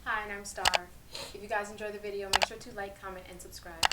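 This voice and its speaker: A woman's voice: medium pitch, flat delivery, quick pace. Woman co-host, short pointed remarks. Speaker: reaction channel co-host. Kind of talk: casual reaction commentary. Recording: echoey room, distant mic, clear noise.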